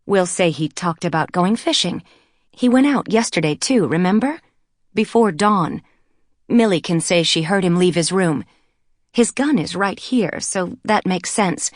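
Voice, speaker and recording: A woman voicing a tall young woman who takes charge and snaps orders. Her tone is firm and emphatic, sitting low. The sound is close and dry. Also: expressive, dry recording. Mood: commanding. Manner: brisk, emphatic. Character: tall commanding young woman, blunt leader.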